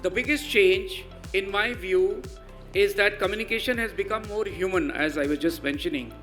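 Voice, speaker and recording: A man with an Indian English accent giving a measured, emphatic conference talk. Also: high-pitched, fairly bright tone, faint music behind. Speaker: panel speaker.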